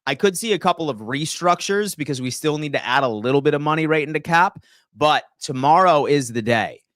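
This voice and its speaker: A man hosting a live sports talk stream, energetically reading out viewer shout-outs and giving his take. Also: fairly high pitch, fairly quick, no room sound, clean studio sound. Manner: energetic, reads chat shout-outs aloud. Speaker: sports livestream host.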